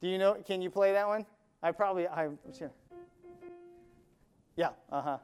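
A man's voice: sits high, normal speed, long pauses, a little mellow, smooth, soft background music. A man preaching a sermon, emphatic, asking and answering his own questions and counting out beats. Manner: counts beats and sings snatches of songs.

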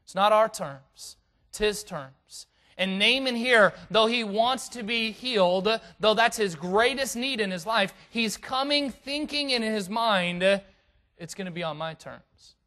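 A man preaching a sermon and reading scripture aloud, swinging from hushed asides to loud, dramatic peaks. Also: sits high, measured pace. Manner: reads scripture in King James wording.

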